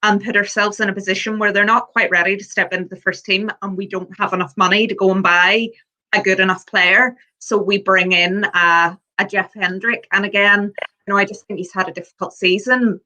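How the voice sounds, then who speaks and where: Woman co-host, bright tone, earnest thinking-aloud football chat. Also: medium pitch, poor audio. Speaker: podcast co-host. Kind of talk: casual football banter.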